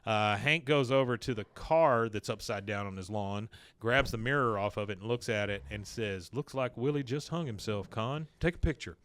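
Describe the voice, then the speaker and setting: A man co-hosting a podcast, casually retelling a cartoon episode and jumping into quick voices for the characters. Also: fairly low pitch, no echo. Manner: animated, acts out characters' lines in quick put-on voices. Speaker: podcast co-host recapping an episode.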